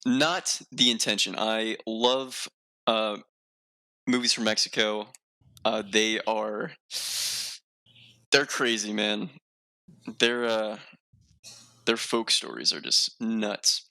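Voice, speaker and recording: Podcast host, male, gravelly, bright tone, rambling, self-mocking. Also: fairly low pitch, little pitch movement, slow, long pauses. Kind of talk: casual podcast chat.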